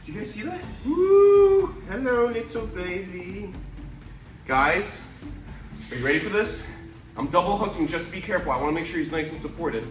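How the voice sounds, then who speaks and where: An enthusiastic man hosting an animal vlog, breaking into high excited exclamations. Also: fast, reverberant, over music. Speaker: reptile keeper and show host.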